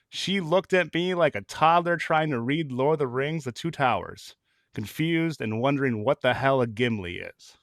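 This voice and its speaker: A man reading a comic story aloud in a mock-dramatic, animated way, laughing often. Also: medium pitch, normal speed, no room sound, studio quality. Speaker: reader of comic stories.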